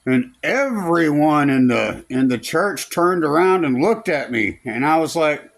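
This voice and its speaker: A man's voice: a little high, animated, a little slow, vocal fry, dry recording. A man telling a rambling personal story in a casual vlog, full of fillers and restarts, recorded in a car. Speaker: vlogger.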